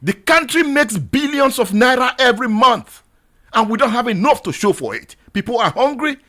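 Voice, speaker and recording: A Nigerian radio host with a high, bright voice pleads and exhorts his audience. His pitch swings widely as he repeats his lines and builds to shouting. He speaks from a studio mic. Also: lively intonation, moderate pace. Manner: exhorting, repetitive, rising to shouts. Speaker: radio talk show host. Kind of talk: impassioned radio monologue.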